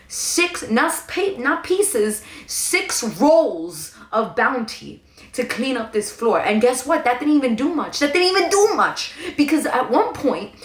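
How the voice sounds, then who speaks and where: Slangy, profane young woman in an echoey room. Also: a little high. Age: young adult. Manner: animated, profane, slangy storytelling. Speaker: vlogger. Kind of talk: storytime vlog. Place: her room at home.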